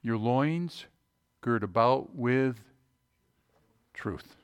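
A man preaching a conversational sermon, folksy, often asking the room rhetorical questions and swinging between loud emphasis and quiet low asides. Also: drawn-out words, clean tone, lo-fi sound. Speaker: pastor.

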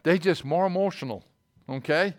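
A man's voice: on the high side, moderate pace. A man preaching a sermon, telling a story in a colloquial way with false starts, then rising into fervent scripture reading.

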